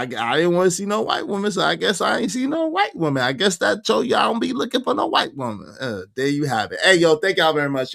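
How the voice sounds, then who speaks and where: A man's voice: fairly high pitch, vocal fry, a bit bright. A man hosting a casual livestream, reading viewer comments aloud in a slangy, emphatic way with speech and frequent laughter. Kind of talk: casual chat.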